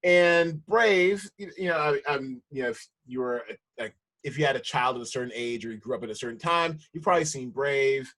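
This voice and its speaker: An American man hosting a podcast, rambling and correcting himself in casual chat, quick to laugh. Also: mid-range voice, a bit bright. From United States. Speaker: podcast host.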